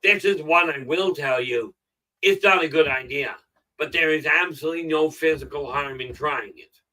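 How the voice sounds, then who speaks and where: Rambling man, bright voice, distant mic. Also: a little high, moderate pace. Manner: rambling, frequent "okay" fillers. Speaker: self-help live streamer. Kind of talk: casual motivational talk.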